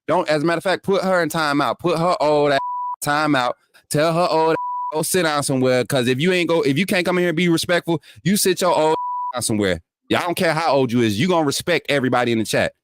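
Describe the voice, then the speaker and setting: A man's voice: medium pitch, dry recording, clean studio sound. A man hosting a call-in sports show, trash-talking rivals and scolding his chat with laughter. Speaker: show host. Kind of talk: casual call-in sports talk.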